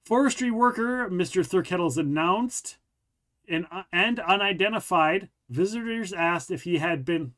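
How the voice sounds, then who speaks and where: Higher-voiced man hosting a casual podcast. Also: sharp tone. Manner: stumbles and rereads while reading aloud. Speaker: podcast host. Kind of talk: casual chat and reading a news article aloud.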